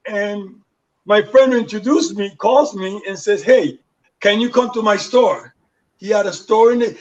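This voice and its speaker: A man's voice: high-pitched, a little mellow. A man in his sixties from Panama, a guest telling his life story in an interview and acting out the voices of the people in it. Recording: dull lo-fi sound.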